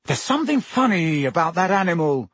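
A man's voice: fairly high pitch, big pitch swings, breathy edge, no echo, exaggerated voice. A man voicing a hot-tempered teenage schoolboy in an audiobook, blunt and indignant. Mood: angry. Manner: indignant, blunt, quick to shout. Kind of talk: audiobook character voice.

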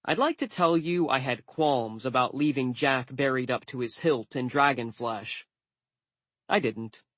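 A man narrating an audiobook in the first person with a wry, deadpan delivery. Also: medium pitch, normal speed, no echo.

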